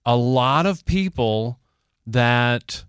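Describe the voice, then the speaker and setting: A man's voice: medium pitch, lively intonation, extremely slow, clear, resonant tone, no room sound. An older man co-hosting a recovery radio show in a studio, talking in a folksy, rambling way and asking leading questions. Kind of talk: casual recovery podcast chat.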